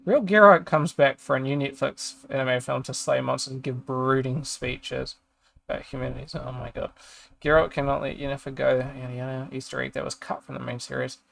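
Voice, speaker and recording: A man's voice: medium pitch, fairly even intonation, brisk, creaky, a bit bright, no echo. A streamer chatting casually, ranting in exasperation and swearing as he reads a review aloud and trails off mid-sentence. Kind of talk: casual chat while reading a review aloud.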